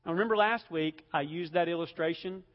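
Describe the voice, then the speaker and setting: Slightly high-voiced man preaching in reverberant hall. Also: fairly quick. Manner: emphatic preaching, building to loud peaks then dropping low. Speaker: pastor. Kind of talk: sermon. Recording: dull sound with long hall reverb.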